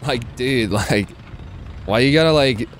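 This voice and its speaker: A man's voice: medium pitch, a little slow, a little hiss or hum, close to an everyday voice. A man hamming up a drawling California bro. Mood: mock-indignant. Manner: drawling, filler-heavy "like, bro". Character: exaggerated laid-back surfer-dude bro.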